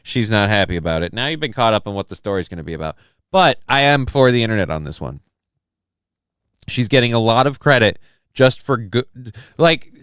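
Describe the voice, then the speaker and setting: Profane ranting man, smooth voice. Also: mid-range voice, expressive, normal speed, a bit bright, no echo, studio quality. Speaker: livestream host reading chat. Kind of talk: crude casual streamer chat.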